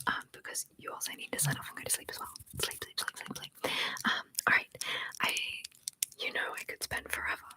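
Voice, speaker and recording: Whispering woman, tinkly and bright. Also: low-quality recording. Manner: rambling, repeats words softly for tingles. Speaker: ASMR livestream host. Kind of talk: whispered live chat.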